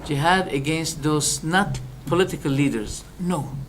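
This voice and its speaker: A man giving a religious lecture as a preacher, animated and rhetorical, firing off questions and acting out exchanges. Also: a little high, measured pace, soft background music. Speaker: Islamic preacher.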